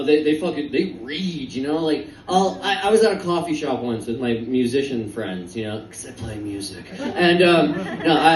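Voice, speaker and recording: A man's voice: a little high, a little mellow. A young man doing a stand-up set in a comedy club, rambling and stammering in a self-deprecating way. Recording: echoey club, distant mic.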